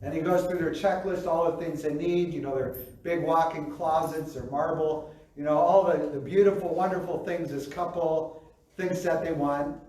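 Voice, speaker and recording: A man's voice: a little high, steady tone, normal speed, mellow, recorded from a distance. Man preaching in a very echoey hall. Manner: conversational, acts out quoted reactions, frequent "right?". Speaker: pastor. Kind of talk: sermon. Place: church sanctuary.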